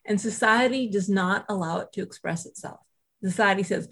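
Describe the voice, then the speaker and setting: A woman who writes and teaches self-compassion, telling a personal story in a casual interview, animated and full of "you know" asides. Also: mid-range voice, moderate pace, breathy edge. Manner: animated, acts out quoted voices, frequent "you know" asides.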